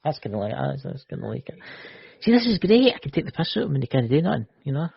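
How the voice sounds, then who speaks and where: A man's voice: medium pitch, sing-song, fast talker, creaky, husky, no room sound. A Scottish man co-hosting a live-stream chat over a video call, teasing and joking, with lots of "you know". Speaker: co-host. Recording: dull lo-fi call audio.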